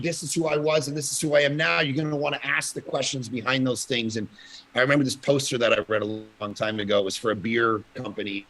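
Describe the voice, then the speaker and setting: A man, a pastor, telling lively stories in a casual conference talk, with loud bursts of emphasis and frequent laughter. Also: medium pitch, slight background noise. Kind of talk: casual storytelling at a conference panel.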